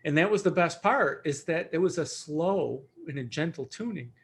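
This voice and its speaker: A man with a voice pitched a little above the usual, talking as a Reiki teacher and host. His delivery is gentle and reflective. He speaks in a relaxed, conversational way to his listeners. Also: normal speed, breathy edge. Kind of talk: spiritual talk on a livestream.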